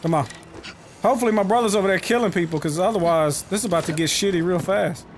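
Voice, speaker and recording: A man commentating his own gameplay, excitable and profane, often yelling at the game. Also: sits high, quick pace, a little hiss or hum. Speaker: let's play host.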